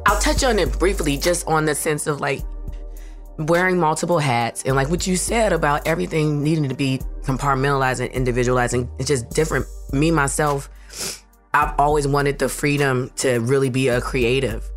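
A woman in her forties from Philadelphia, co-hosting a podcast and talking through tears, halting and restarting. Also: deep voice, soft background music. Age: 40s. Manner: halting, tearful, with many restarts. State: crying. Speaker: podcast co-host. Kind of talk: emotional casual chat.

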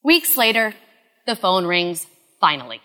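A woman in her thirties telling a personal story in an earnest, confessional way, often dropping to a hush. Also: on the low side, sing-song, a little slow, long reverb tail. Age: 30s.

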